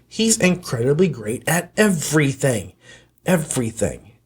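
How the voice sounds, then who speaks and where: A man's voice: mid-range voice, lively intonation, normal speed, husky. A man hosting a podcast, talking through an audiobook review in a rambling way and often correcting himself mid-sentence. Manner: rambling, with frequent self-corrections. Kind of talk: casual review monologue.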